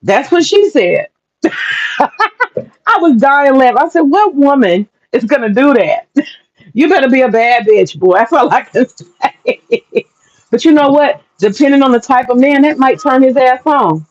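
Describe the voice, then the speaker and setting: A woman's voice: sits high, animated, normal speed, highs cut off. A woman talking frankly and casually to camera, swearing freely and laughing often. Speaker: vlogger. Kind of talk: casual opinion monologue.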